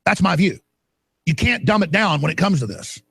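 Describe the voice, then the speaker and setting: Man, talk radio host, ranting monologue, shouting peaks, husky, gravelly. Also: sits high, expressive, moderate pace, no room sound.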